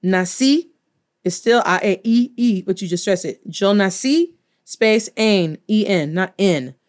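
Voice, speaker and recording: Woman teacher, playful, animated language lesson, spells things out slowly. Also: medium pitch. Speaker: Spanish teacher.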